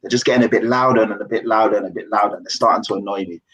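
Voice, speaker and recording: A man's voice: on the low side, racing, a bit bright, breathy edge, rough recording. A man, chatting football as a pundit, bantering and mocking himself. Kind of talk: casual football chat.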